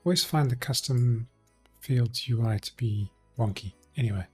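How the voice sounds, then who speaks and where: A man's voice: medium pitch, moderate pace, husky, faint music behind. A man live-streaming a coding session, explaining his steps casually as he thinks aloud with frequent ums and self-corrections.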